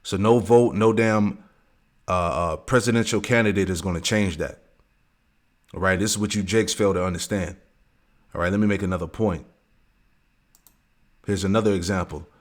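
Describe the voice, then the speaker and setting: Low-voiced man teaching scripture. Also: fairly even intonation. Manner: reads verses slowly, peppers talk with "man" and "all right". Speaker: religious teacher. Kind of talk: scripture lesson.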